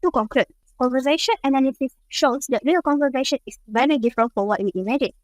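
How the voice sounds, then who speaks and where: A woman's voice: high voice, fast talker, a little mellow, no room sound, poor audio. A young woman from Malaysia, a university student, reading her part of a class presentation. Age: young adult. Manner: reads steadily from slides.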